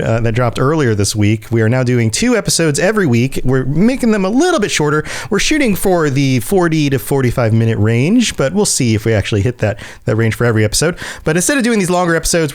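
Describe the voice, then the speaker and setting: A man hosting a lore podcast in a casual, jokey way, laughing often and teasing his co-host. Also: mid-range voice. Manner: jokey, laughs often, fond of silly accents.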